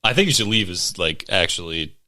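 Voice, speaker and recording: A young man co-hosting a podcast, talking in a relaxed way with lots of fillers. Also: sits low, fairly quick, no room sound, studio quality. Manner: relaxed, filler-heavy talk. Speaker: podcast co-host. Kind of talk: casual chat.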